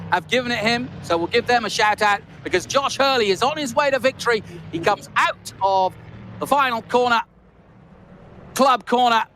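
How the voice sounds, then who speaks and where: Brit play-by-play man, high and bright, loud calls then quiet jokey asides. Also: slight background noise. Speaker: lead commentator. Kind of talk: esports race commentary.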